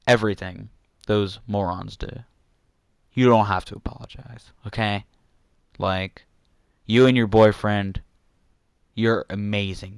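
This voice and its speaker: Slow, smooth-voiced young man ranting angrily. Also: fairly low pitch, no echo. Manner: frustrated, repetitive, insulting, apologetic. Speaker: youtuber ranting to viewers. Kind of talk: angry rant vlog.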